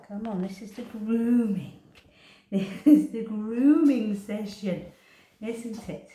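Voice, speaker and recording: A woman cat groomer, soothing a kitten in baby talk and calmly explaining each step as she clips him. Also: a little high, slow pace, a little hiss or hum. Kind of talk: narrated grooming demonstration. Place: indoor grooming room. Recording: roomy room with electric clipper buzz.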